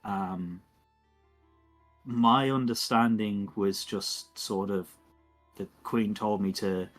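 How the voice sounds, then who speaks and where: A man voicing a polite, earnest young woman envoy who talks hesitantly with many fillers. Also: deep voice.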